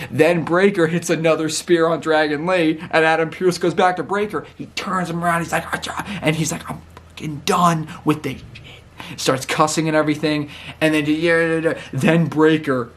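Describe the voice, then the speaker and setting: A man casually recapping a wrestling show, chatty and excitable, laughing often and acting out what people said. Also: on the high side.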